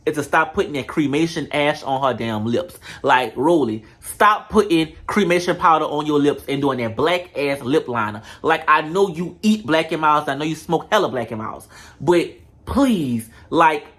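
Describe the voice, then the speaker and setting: Sassy host recapping reality tv to camera, mid-pitched, no filter. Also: lively intonation, normal speed, a bit bright. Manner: blunt, sassy, talks straight to viewers. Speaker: show reviewer. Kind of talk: casual reality-show recap. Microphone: camera mic.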